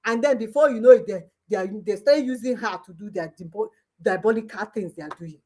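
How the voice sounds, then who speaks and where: A woman's voice: medium pitch, brisk, a little mellow. A woman with a Nigerian accent ranting in an emphatic, scolding way as a vlogger, mixing in pidgin and local phrases. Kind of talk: ranting commentary.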